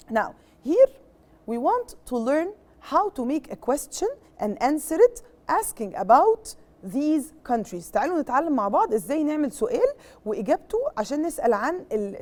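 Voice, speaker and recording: Egyptian lady teacher, kinda high voice, mellow, repeats stuff and keeps saying okay, mixes arabic and english. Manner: patient, repeats words and checks understanding; switches between English and Arabic explanations. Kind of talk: classroom lesson to young pupils.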